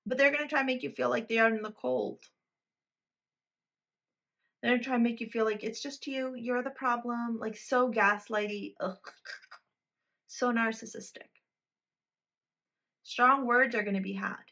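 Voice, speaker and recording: A woman's voice: on the high side, fairly even intonation, moderate pace, vocal fry, long pauses, sharp tone. A woman reading tarot cards for a pick-a-card video, talking straight to the viewer in a blunt, emphatic way and swearing freely. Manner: addresses the viewer directly. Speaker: tarot reader.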